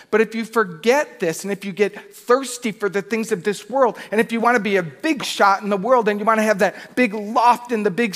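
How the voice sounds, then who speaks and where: A male pastor delivers a sermon as an expressive storyteller, with touches of self-deprecating humor. His voice sits fairly high. A long reverb trails off in the church sanctuary.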